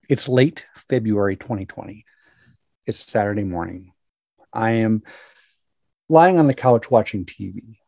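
Slow, measured older man telling a story. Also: on the low side, darkish tone, dry recording, clean studio sound. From Minnesota. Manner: measured, dramatic present-tense telling with long pauses. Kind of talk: personal story told to an audience.

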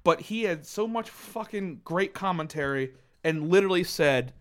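A man's voice: high-pitched, moderate pace. A man hosting a podcast in casual chat, swearing freely and laughing often. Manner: profane, animated, laughs often. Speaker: podcast host.

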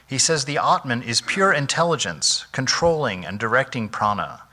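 A man, a monk, giving an informal spiritual talk in a conversational, animated way, often saying "you know" and laughing softly. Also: medium pitch, moderate pace.

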